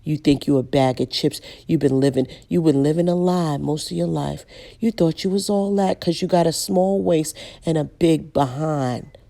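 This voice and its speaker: A woman preaching in a blunt, direct way, repeating key lines and slowing down to drive her points home. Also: low-pitched, gravelly, mellow. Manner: direct, emphatic, repeats lines and slows down for stress. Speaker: online preacher.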